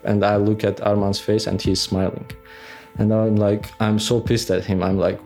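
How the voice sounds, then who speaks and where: A man speaks in a low, flat voice as he recounts events in an interview. He talks haltingly, with many fillers, and faint music plays in the background. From Nagorno-Karabakh. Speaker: interviewee recounting his war experience. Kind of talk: conversational interview recollection.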